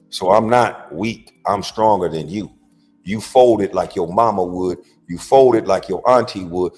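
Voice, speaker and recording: A man hosting an opinion commentary, talking in a blunt, lecturing, emphatic way with slangy informal speech. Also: on the low side. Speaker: commentary host.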